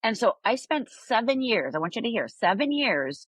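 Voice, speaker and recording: A woman's voice: a little high, very animated, brisk, breathy edge, no echo. A woman coach on a podcast interview, telling a story animatedly and often adding "right?". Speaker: life coach guest.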